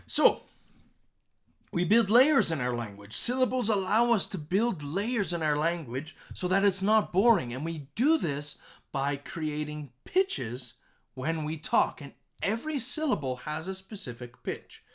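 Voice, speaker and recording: Animated man teaching a lesson. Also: a little slow. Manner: frequent checking "okay?", repeats words to demonstrate pitch; animated, sing-song emphasis. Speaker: music teacher. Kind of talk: recorded classroom lesson.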